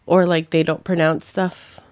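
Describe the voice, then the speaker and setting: A young woman co-hosting a podcast, chatting casually and acting out quotes in a higher voice. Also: little pitch movement, measured pace, darkish tone, clear, resonant tone, no room sound, clean studio sound. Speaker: podcast co-host. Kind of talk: casual chat.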